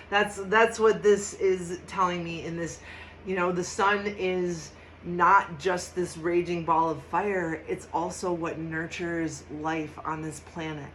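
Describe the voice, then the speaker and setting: A woman's voice: on the low side, fairly even intonation, slow pace, slight background noise, low-quality recording. A woman hosting a casual tarot and astrology reading, chatty and emphatic, laughing often. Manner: chatty and emphatic, laughs often, bursts into loud mock shouts.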